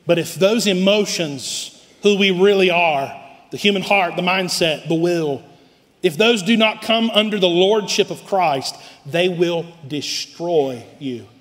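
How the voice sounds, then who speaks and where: Male pastor preaching, high voice, swings loud then hushed, long hall echo. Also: unhurried. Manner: impassioned preaching, swells loud then drops low. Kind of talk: sermon. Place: church sanctuary. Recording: live hall reverb.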